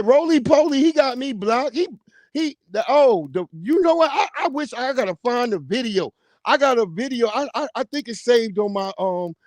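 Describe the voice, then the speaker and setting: A man with a notably high voice delivers a heated, profane livestream rant, mocking and loud at times. The sound is dry and close to the mic, with no room around it. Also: no echo. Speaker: livestream host.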